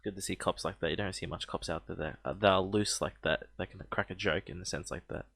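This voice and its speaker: Gravelly low-voiced man. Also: steady tone, quick pace, a bit bright, dry recording, clean studio sound. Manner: teasing, laid-back, laughs a lot. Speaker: podcast co-host. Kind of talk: casual chat.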